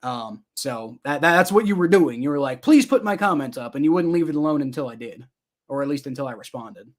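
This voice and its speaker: A man's voice: mid-range voice, lively intonation, a little fast. A man hosting a live stream, calling plays loosely and chatting back at viewer comments in a rambling, casual way. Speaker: live-stream sports reaction host. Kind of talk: casual live play-by-play and chat reaction.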